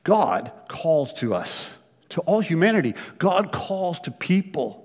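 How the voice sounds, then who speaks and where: Pastor preaching in an echoey church. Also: male voice, on the high side, slow pace, husky. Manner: storytelling, animated with repeated words. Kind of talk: sermon. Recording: long reverb of a church hall.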